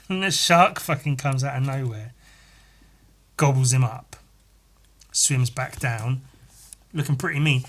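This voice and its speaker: A man hosting a casual solo podcast, swearing freely and telling a story panel by panel in an animated way. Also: medium pitch, a little slow, pauses often, husky. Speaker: podcast host.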